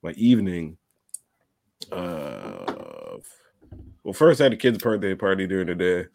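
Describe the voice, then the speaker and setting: Animated young man telling a story. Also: deep voice, a little slow, creaky, slight background noise. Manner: animated storyteller, acts out voices, laughs often. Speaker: podcast co-host. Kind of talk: casual chat, storytelling.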